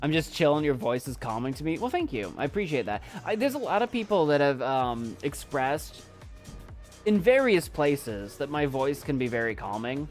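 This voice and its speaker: A man talking casually to his viewers in a calm, soft voice that swings lively up and down in pitch. He stops and restarts often, choking up as he speaks. Faint music plays under him. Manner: halting, many restarts, choked up and emotional. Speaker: YouTube creator and poet. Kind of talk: casual live chat with viewers.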